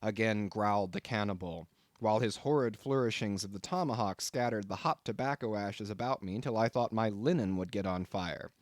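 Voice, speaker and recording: A man narrating an audiobook of a classic novel in an expressive reading style. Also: on the low side, normal speed, no room sound, studio quality. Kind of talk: scripted narration.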